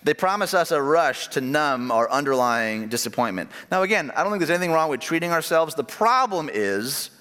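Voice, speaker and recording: A man in his thirties delivers a sermon in an easygoing, talkative way, tossing questions and asides to his listeners. His voice sits a little high for a man. The sound carries a long, ringing reverb from a large hall. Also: animated, brisk, few pauses, sharp tone, clear, resonant tone. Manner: conversational preaching with asides and questions to the congregation. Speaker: pastor.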